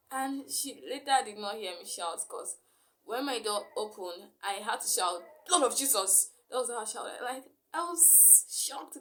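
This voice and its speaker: A woman's voice: mid-range voice, fairly bright tone. A young woman, recounting a story in a rambling vlog style full of fillers. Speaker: vlogger.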